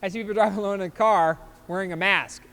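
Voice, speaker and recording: A man's voice: high voice, steady tone, fast talker, fairly bright tone, big-room sound. A man in his fifties hosting a podcast, reacting to memes in a loose, joking way and laughing often. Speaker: podcast host. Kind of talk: casual chat reacting to memes.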